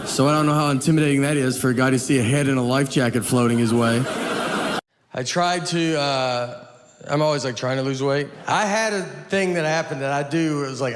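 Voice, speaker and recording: A man's voice: mid-range voice, echoey room, big-room sound. A man performing a stand-up routine, telling rambling, wry stories. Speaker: stand-up comedian.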